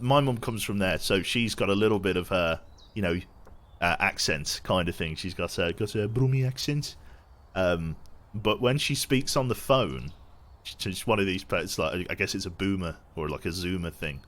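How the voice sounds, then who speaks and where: A man's voice: deep voice, fairly bright tone. A young man from England with a posh English accent, chatting casually with his viewers while streaming a game, self-deprecating and reading chat aloud.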